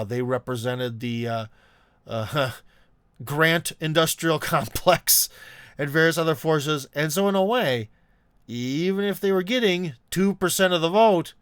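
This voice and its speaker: A man hosts a casual call-in stream, his voice smooth and resonant. He rambles through points with plenty of fillers and chuckles, recorded close and dry with no room sound. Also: medium pitch, a bit bright, no echo. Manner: rambling, many fillers, laughs mid-sentence. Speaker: show host taking callers. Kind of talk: casual live-stream chat.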